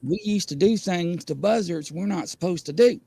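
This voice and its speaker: A man's voice: high-pitched, moderate pace, gravelly, a little hiss or hum. A man hosting a casual livestream, telling rambling stories with lots of laughter. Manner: animated, rambling storyteller who laughs often. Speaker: host of a paranormal variety show.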